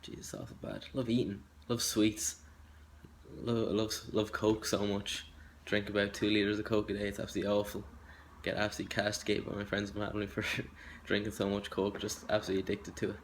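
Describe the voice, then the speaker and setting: A man's voice: on the low side, monotone, brisk, a little hiss or hum. A young Irish man introducing himself in an audition video, hesitant and rambling, poking fun at himself. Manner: hesitant and rambling, self-deprecating. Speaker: acting hopeful.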